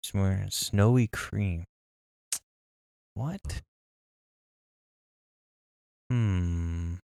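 Very deep-voiced man in easy chat. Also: very slow, creaky, mellow, clean tone, no echo, studio quality. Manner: easygoing, laughs often, thinks aloud. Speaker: podcast co-host. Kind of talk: casual chat.

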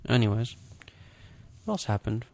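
A man's voice: lowish voice, sing-song, normal speed, vocal fry, darkish tone, no echo. A man in a casual chat, talking in a laid-back way and saying "like" often.

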